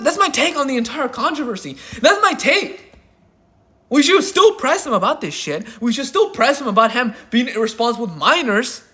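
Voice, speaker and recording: A man's voice: extremely high pitch, sharp tone. A man ranting through his opinion commentary as a channel host, swearing often and hammering each point with emphatic repetition. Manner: profane, heated and emphatic.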